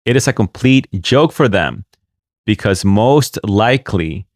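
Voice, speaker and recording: A fairly low-pitched man talks through video clips and translates them as he goes. His tone is mocking and sarcastic, and he jabs at what he has just relayed. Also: expressive, a little slow, no room sound, clean studio sound. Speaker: online commentator.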